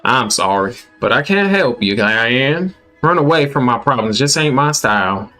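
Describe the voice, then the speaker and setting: A man's voice: medium pitch, animated, moderate pace, sharp tone, faint music behind. A man doing a weary, humble Southern young man. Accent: put-on Southern US drawl.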